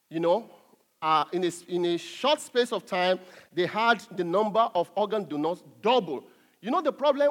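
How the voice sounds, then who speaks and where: A middle-aged man preaching a sermon, emphatic and earnest, with soft asides and chuckles. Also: high-pitched.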